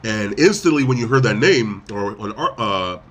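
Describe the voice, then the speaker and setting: Low-voiced and animated, this male podcaster speaks at a normal speed while loosely recapping a film and performing lines from it in a casual review chat.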